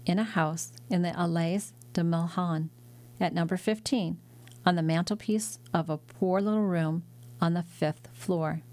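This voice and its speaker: A woman reading an audiobook, voicing a young daughter who is breathless and excited, in a raised, lively voice. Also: lowish voice, measured pace, close to an everyday voice. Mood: explaining.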